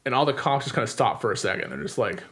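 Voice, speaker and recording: A young adult man co-hosting a podcast, retelling a film's plot in casual chat, full of "like" fillers and quick acted-out lines. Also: medium pitch, very animated, a bit bright, husky. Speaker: podcast co-host. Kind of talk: casual movie recap.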